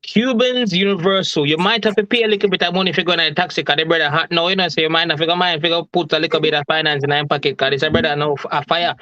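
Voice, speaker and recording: A man's voice: a little high, steady tone, racing, few pauses, sharp tone, no room sound. A man co-hosting a casual livestream, joking and laid-back with patois phrasing. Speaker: livestream co-host. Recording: dry, dull lo-fi sound.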